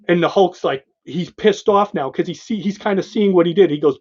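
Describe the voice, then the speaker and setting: A man's voice: high-pitched, normal speed, muffled recording. A man co-hosting a podcast, casually and enthusiastically walking through a comic book page by page. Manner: enthusiastic, retelling panels with voiced quotes. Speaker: podcast co-host.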